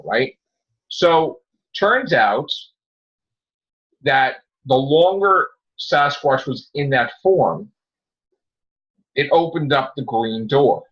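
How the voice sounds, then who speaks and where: A man hosting a casual podcast, rambling excitedly about comic books and swearing freely as he retells scenes. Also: medium pitch. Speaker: podcast host. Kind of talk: casual comic book chat. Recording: dull lo-fi recording.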